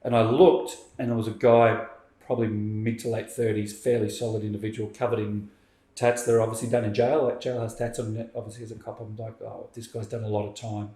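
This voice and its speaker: Animated man telling a story. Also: lowish voice, fast. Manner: animated, acts out quoted speech. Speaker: podcast guest. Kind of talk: conversational storytelling. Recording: roomy echo.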